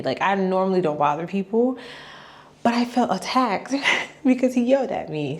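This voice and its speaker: A young woman vlogger telling a story in a chatty, animated way, acting out quoted lines as she goes. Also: mid-range voice, moderate pace. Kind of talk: casual storytime vlog.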